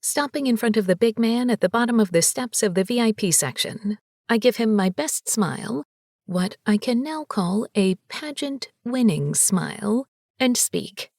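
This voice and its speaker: A woman narrating a first-person audiobook with a lively, sassy and expressive delivery. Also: fairly high pitch, normal speed, creaky, no echo, studio quality.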